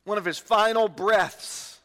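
Earnest guy pastor preaching, bright sharp voice, lots of reverb from the church hall. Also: high-pitched, steady tone. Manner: earnest, slows down and stresses key words. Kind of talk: sermon. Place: church sanctuary.

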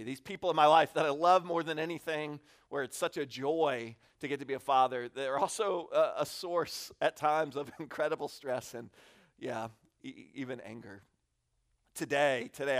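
A man in his thirties preaches in a loose, conversational way, candid and quick to poke fun at himself. His voice sits a touch higher than most men's, and he slips into little acted-out asides as he speaks. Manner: candid, self-deprecating, animated with acted-out asides. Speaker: guest pastor. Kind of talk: conversational sermon. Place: church sanctuary.

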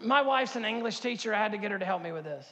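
Fifties male pastor, high-pitched and fervent, sanctuary with long reverb. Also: animated, quick pace. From Harkers Island, North Carolina. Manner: builds to loud impassioned preaching, repeats words, asks the crowd questions. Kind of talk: sermon. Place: church sanctuary.

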